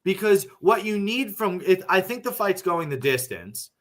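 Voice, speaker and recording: A man's voice: sits high, big pitch swings, moderate pace, a bit bright. A man co-hosting a casual fight-betting show, talking in an enthusiastic, teasing way. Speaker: podcast co-host.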